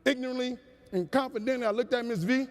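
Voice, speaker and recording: High-voiced man telling stories in a big hall. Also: fast. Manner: animated, humorous, preacher-like cadence. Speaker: motivational speaker. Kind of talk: storytelling keynote speech. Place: large conference hall. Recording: long hall reverb.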